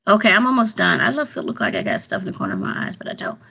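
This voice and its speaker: A woman talks to her subscribers in a loose, rambling vlog. Her voice is heavily gravelly and husky. She hesitates and circles back over the same words. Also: mid-range voice, wildly swooping pitch, very fast, pushed and bright, low-quality recording. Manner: rambling, hesitant, repeats herself. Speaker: YouTube vlogger. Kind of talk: casual rambling chat to subscribers.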